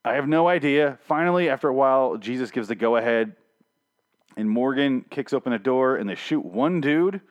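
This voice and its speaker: A man's voice: mid-range voice, expressive, normal speed, highs cut off. Sarcastic, swearing man reviewing a show. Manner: sarcastic, swears freely, mocks the episode. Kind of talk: casual solo review podcast.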